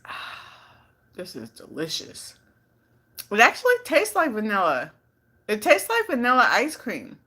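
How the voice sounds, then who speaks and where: A woman's voice: on the high side, sharp tone. A woman from California chatting casually on a live stream, playful and talkative, reading out viewer comments. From California, Bay Area. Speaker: vlogger on a livestream.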